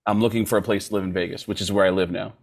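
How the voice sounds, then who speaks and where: A man's voice: lowish voice, rapid-fire, creaky. A man, a comedian guest, telling a story in casual chat and acting out quotes in other voices. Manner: animated, acts out quotes in shifting voices.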